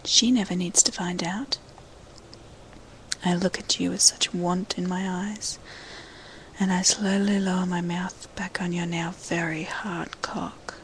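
A woman in a whispered role-play, speaking entirely in an unvoiced whisper. Her delivery is slow and level, barely rising or falling, with a gravelly edge where the voice catches. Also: lowish voice, flat delivery, slight background noise, rough recording. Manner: slow, hushed, intimate first-person storytelling.

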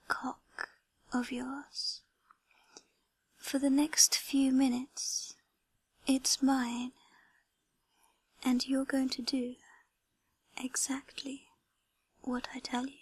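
A woman in a whispered role-play with a breathy whisper, talking slowly in a teasing, commanding way. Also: sits high, no room sound. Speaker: erotic audio performer.

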